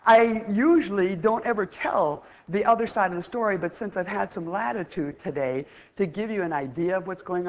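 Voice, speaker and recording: A woman from Iowa telling a comic story as a keynote speaker on stage, playful and theatrical. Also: fairly low pitch. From Iowa, USA. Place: stage before a live audience. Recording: dull, muffled lo-fi recording.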